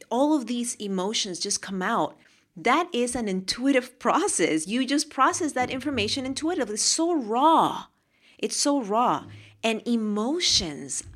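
Woman podcast host, lively and emphatic, repeats herself to drive points home, mid pitch. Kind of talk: casual motivational monologue.

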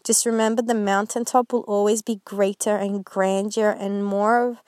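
A woman's voice: mid-range voice, little pitch movement, moderate pace, a little mellow, no echo. A woman vlogger talking earnestly and rambling a little as she shares a Christian reflection, with many fillers. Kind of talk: casual faith reflection.

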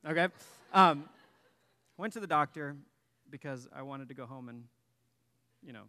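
A man's voice: medium pitch, sharp tone. A man in his thirties preaching to a church congregation, telling a personal story in a conversational, self-deprecating way and joking with the people in the pews. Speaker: guest pastor. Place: church sanctuary.

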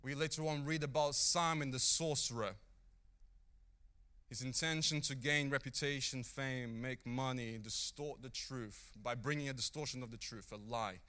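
A man preaching a sermon with earnest, animated delivery, acting out the people in his stories. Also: mid-range voice.

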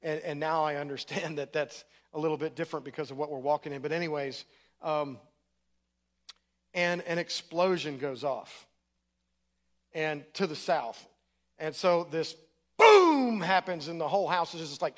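A man's voice: on the high side, fairly bright tone. A middle-aged man preaching in a church, telling his story in a casual, conversational way. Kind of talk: sermon testimony.

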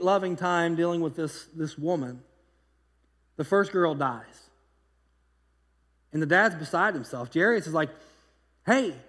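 Animated preacher in a reverberant hall. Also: male voice, a little high. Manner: conversational, animated storytelling with repeated restarts. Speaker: pastor. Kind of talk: sermon.

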